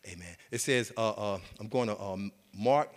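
A man's voice: lowish voice, normal speed. A man preaching a sermon in a folksy, repetitive way, with many amens and restarts. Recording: long hall reverb.

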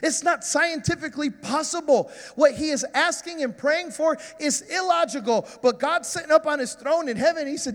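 A man's voice: very high-pitched, moderate pace, few pauses, in a large hall. A man preaching a sermon, telling stories and building to passionate appeals. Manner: storytelling, rising to passionate preaching. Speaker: pastor. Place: church sanctuary.

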